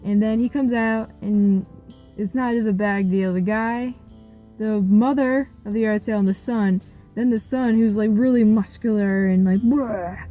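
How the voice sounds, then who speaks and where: A young woman vlogger telling a rambling, animated story about a yard sale, with quoted back-and-forth. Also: mid-range voice, moderate pace, faint music behind, poor audio. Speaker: gaming vlogger. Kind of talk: casual storytelling vlog.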